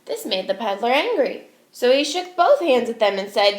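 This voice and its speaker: Woman teacher, children's story read-aloud, expressive, asks listeners questions, fairly high voice, echoey room. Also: normal speed.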